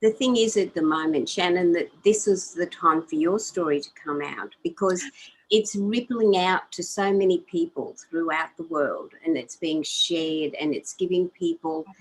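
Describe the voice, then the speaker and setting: A woman co-hosting a live show, talking gently and encouragingly, often restarting her sentences. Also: lowish voice, husky, low-quality recording. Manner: gentle, encouraging, repeats words when starting. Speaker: co-host. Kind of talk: casual chat.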